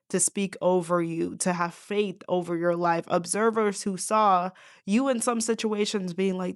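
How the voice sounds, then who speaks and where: Sassy low-voiced woman giving a reading. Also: no room sound, clean studio sound. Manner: sassy, emphatic, repeats phrases for effect; calls the viewer honey and babes. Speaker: intuitive card reader. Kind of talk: direct-to-camera spiritual reading.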